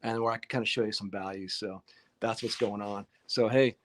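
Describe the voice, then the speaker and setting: A man's voice: on the low side, steady tone, a little fast. A man hosting a casual live-stream painting lesson, chatty and upbeat, greeting viewers in the chat by name.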